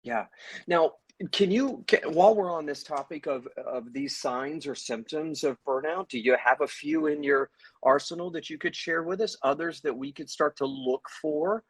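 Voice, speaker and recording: Husky-voiced male group facilitator. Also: on the high side, normal speed, no room sound. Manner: encouraging, drawing people in with questions. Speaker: host and facilitator. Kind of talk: facilitating a support group talk. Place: video call.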